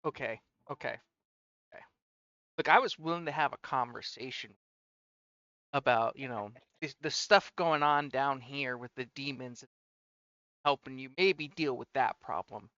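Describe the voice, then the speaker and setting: Blunt player guy arguing with a dragon, bright voice, kinda muffled lo-fi sound. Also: medium pitch, unhurried, pauses often, no room sound. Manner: blunt, argumentative, pushes to the point. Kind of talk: casual tabletop game chat and in-character negotiation. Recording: dull lo-fi mic.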